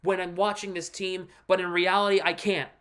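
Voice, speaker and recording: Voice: medium pitch, little pitch movement, normal speed, a bit bright, clean tone. A livestream host and devoted hockey fan giving casual, emphatic commentary, walking viewers through a play on screen and ranting about the team's losses.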